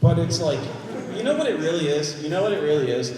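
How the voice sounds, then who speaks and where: Man, high voice, very lively, profane rants, distant mic in a big echoey hall, crowd around. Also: fast. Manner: animated, ranting, profane. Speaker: convention panel host. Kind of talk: live convention Q&A. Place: large convention hall.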